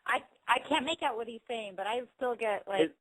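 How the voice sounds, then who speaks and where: A woman co-hosting a radio show, reacting in a slow, soft-spoken way. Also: a little high, poor audio. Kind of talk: casual radio chat.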